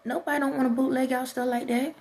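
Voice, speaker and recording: Chicago woman vlogging, fairly high voice, animated rant with lots of rhetorical questions, light music bed. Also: fast, creaky. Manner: animated, rhetorical questions, talks straight to viewers. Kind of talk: casual opinion rant.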